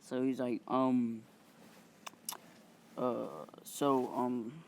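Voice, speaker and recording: Male channel host, unhurried and rambling, filler-heavy improvised storytelling, faint hum behind. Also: mid-range voice, darkish tone. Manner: halting and rambling, many fillers and mild swearing.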